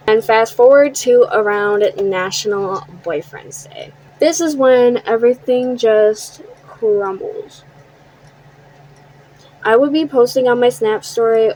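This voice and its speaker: A woman's voice: on the high side, darkish tone, slight background noise, rough recording. A young woman telling a personal storytime in a casual, blunt way, swearing freely and acting out what others said. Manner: blunt and profane, quotes others in quick asides. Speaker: storytime vlogger.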